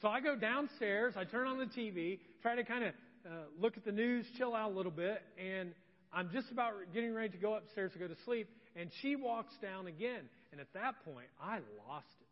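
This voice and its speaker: A man's voice: sits high, brisk. A male pastor telling a family story in a sermon, animatedly acting out the dialogue. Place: church sanctuary. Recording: dull reverberant church recording.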